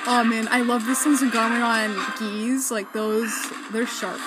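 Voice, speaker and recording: Woman, giggly gushing co-host, high voice, unhurried, loud cartoon music behind. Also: steady tone, poor audio. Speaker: podcast co-host. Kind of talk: casual reaction chat while watching a cartoon. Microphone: not their usual mics. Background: cartoon soundtrack playing loudly.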